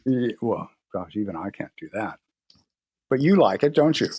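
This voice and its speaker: A man with a lowish voice talks through his work in an easy, storytelling manner. He slips into quick little acted-out exchanges with patients. The sound is dry and close, with no room around it. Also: husky, dry recording. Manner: relaxed storytelling, acts out patient dialogue. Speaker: guest practitioner. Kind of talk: conversational interview.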